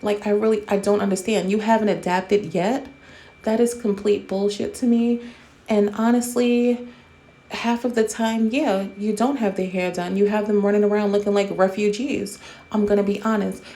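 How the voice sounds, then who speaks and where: Blunt, mellow-voiced woman host. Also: mid-range voice, steady tone, normal speed. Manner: blunt, profane, roasting. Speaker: commentary host. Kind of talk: casual commentary.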